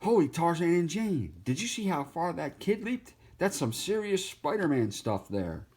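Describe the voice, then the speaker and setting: A man voicing an excitable male cartoon monkey, exclaiming in amazement. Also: a little high, normal speed, slightly rough, pitched above the performer's own voice. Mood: amazed.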